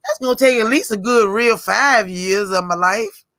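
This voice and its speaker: A woman's voice: medium pitch, moderate pace, a bit bright, no echo, clean studio sound. A woman in her forties hosting a livestream in rambling, casual chat, often laughing. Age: 40s. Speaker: livestream host.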